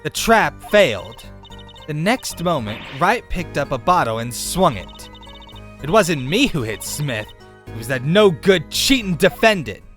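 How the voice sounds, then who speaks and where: A scheming card-shark waitress with a hokey hillbilly drawl, as a man puts her on. Theatrical and boastful, with a lively, swooping delivery that lands slow and drawn out, over faint music. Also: on the high side. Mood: conspiratorial. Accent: put-on hillbilly drawl. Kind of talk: voicing game dialogue.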